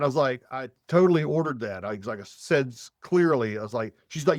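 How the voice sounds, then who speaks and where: A man's voice: medium pitch, animated, quick pace, hardly any pauses, dry recording, studio quality. A man in casual podcast chat, telling a long story with many fillers and restarts. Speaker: podcast guest.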